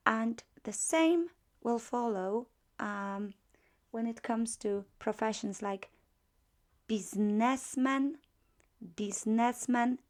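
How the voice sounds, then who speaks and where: Woman teacher, Polish accent, slow deliberate delivery, drills words, gravelly edge. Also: on the high side. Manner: frequent fillers and checking questions. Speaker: language teacher. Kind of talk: beginner language lesson.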